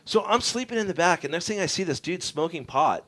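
Animated man telling a road story. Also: sits high, brisk. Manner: animated, swearing, voices others in his story. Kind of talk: casual storytelling. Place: radio studio.

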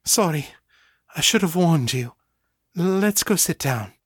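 Male narrator plays a shaky, torn young woman, pitched up, slow and halting. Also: animated, slightly rough, no room sound, studio quality, full character voice. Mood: apologetic. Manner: breathless, stammering.

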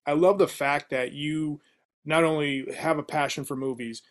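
Enthusiastic podcast host, slightly higher voice. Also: male voice, steady tone, moderate pace. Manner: enthusiastic, casual, says "man" and "like" often. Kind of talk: conversational interview.

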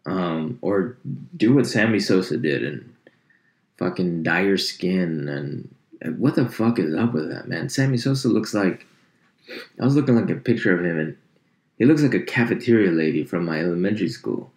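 A deep-voiced man rants for laughs, swearing nonstop and jumping into sharp mocking tones. His voice sounds low and heavy, and it bounces around an echoey room. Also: moderate pace. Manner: animated, swears constantly, jumps into high mock voices. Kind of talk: profane comedic rant.

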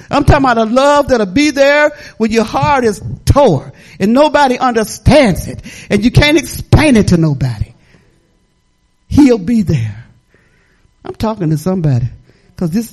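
A middle-aged woman pastor delivering a sermon with a wide, swooping melody. Her preaching is folksy and conversational, full of laughs and asides to the congregation. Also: a little high. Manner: lively, folksy preaching with laughter and talk-back.

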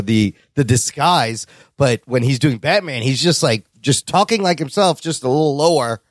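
A man's voice: fairly high pitch, no echo, studio quality. A man hosting a podcast in casual chat, talking eagerly with many restarts. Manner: talkative, enthusiastic, many restarts. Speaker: podcast host.

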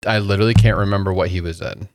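A man's voice: fairly low pitch, steady tone, very fast, dry recording. A man co-hosting a podcast, thinking aloud about films with stammered restarts. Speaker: podcast co-host. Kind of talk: casual movie discussion.

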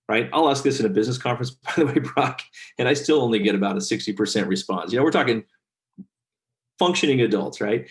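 A middle-aged man, a guest author on a podcast interview, tells stories earnestly and from the heart in a mid-range voice at a quick pace. He's an animated storyteller who gets choked up along the way.

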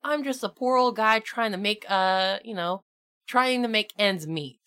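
A woman's voice: mid-range voice, measured pace, a bit bright, clear, resonant tone, natural voice. A woman voicing a folksy male beholder merchant in a cowboy hat, with a put-on Southern drawl. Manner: friendly, salesy drawl.

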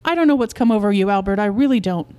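A woman's voice: mid-range voice, expressive, fast, a little mellow, lightly acted. A woman voicing an anxious, protective young mother who scolds her husband indignantly, in a storybook reading.

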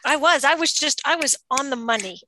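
A woman co-hosting a casual podcast, playful and quick to giggle. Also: sits high, expressive, sharp tone. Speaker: co-host.

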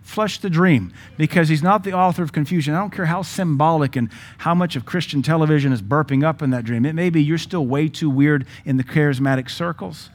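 A man preaching a sermon as pastor, emphatic and joking, with sudden louder bursts. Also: on the high side, fairly quick, hardly any pauses.

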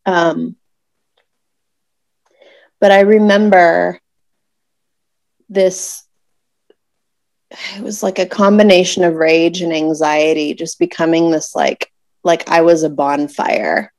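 A woman in her thirties recounts a painful personal story in an unhurried, conversational way. Her voice sits low for a woman, recorded close and dry with no room sound, and she pauses often and reaches for words. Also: little pitch movement, darkish tone, no echo. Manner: emotional, searching, many pauses and fillers. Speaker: guest telling a birth story.

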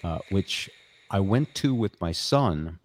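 A man's voice: low voice, animated, slow. An older man hosting a casual live-stream chat show, talking in a rambling, jokey, self-deprecating way. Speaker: show host.

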